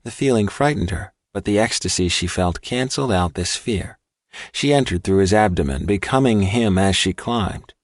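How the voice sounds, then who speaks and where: A man narrating an audiobook in a measured, even reading. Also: lowish voice, dry recording, studio quality. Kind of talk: scripted narration.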